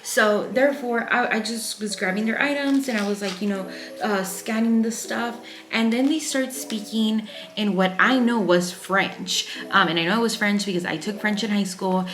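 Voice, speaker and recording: A woman's voice: mid-range voice, moderate pace, a bit bright. Chatty twenty-something woman vlogger, echoey room. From Texas. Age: 20s. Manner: chatty, frank, swears freely, lots of fillers. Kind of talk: casual storytime vlog. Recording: echoey room with faint music.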